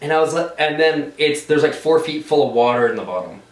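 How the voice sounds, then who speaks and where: A man's voice: on the high side, animated, brisk, recorded from a distance. A young man co-hosting a podcast, telling a rambling anecdote in casual chat, full of likes and restarts. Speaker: podcast co-host. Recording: echoey room, voice off-mic.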